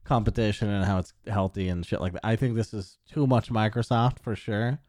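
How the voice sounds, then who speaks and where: A man chatting casually about gaming, laid-back and quick to laugh, swearing now and then. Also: lowish voice, fairly even intonation, a little mellow, no room sound, studio quality.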